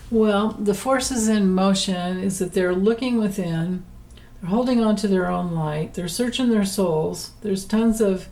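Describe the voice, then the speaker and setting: Chatty mellow-voiced woman tarot reader. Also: mid-range voice, rough recording. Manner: chatty and rambling, laughs often. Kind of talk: casual political tarot reading.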